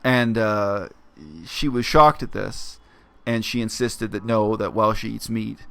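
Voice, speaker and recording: Gravelly-voiced man musing on camera. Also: on the low side, steady tone, pushed and bright. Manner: reflective, explanatory, with many pauses and fillers. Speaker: vlogger. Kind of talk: casual spoken monologue.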